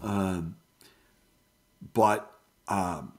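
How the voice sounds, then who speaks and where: Middle-aged man, halting and emotional. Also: low voice, fairly even intonation. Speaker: guest. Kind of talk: personal account in an interview.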